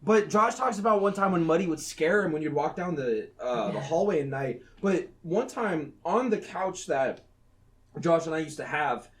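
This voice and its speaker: Male podcast co-host, high and very lively, profane, animated storyteller. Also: normal speed. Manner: animated, profane storytelling with loud laughing outbursts. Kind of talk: casual chat.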